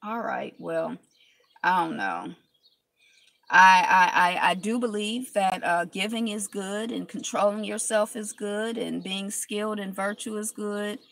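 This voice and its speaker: A woman with a cold talks her way through a casual live stream from her car. Her voice has a gravelly, fry-laced edge, and she is loose and chatty, greeting viewers by name between thoughts. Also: mid-range voice, a little slow, a bit bright. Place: inside a car.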